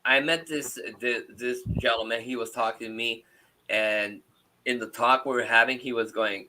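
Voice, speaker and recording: Bright-voiced man telling a story haltingly. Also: medium pitch, rough recording. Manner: halting, many restarts and fillers. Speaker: paranormal show host. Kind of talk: casual storytelling.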